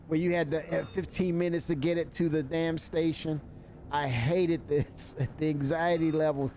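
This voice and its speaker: A man's voice: a little high, level tone, moderate pace, dark tone, slight background noise. A man streaming a video game live, chatting loosely, cursing and laughing at what happens on screen. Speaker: livestreamer. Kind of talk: live gameplay stream commentary.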